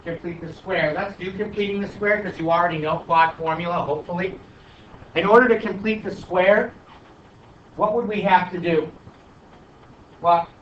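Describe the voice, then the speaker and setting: A man's voice: sits high, moderate pace, long pauses, fairly bright tone. A male math teacher questioning and coaxing his students through a problem in class. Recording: echoey classroom from far off, dull, light noise.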